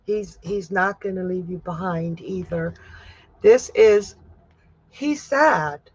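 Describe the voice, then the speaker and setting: A woman working as a psychic medium who gives tarot readings on a livestream and reads viewer comments aloud in a gentle, comforting way. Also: fairly low pitch, takes it slowly, husky, no room sound, highs cut off.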